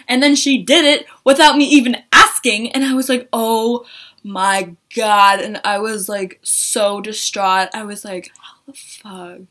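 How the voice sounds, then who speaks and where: A young woman telling a story to camera in an excited vlog, gushing, swearing and acting out quotes in a higher voice. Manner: gushing, swears a lot, acts out quotes in a high voice. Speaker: vlogger.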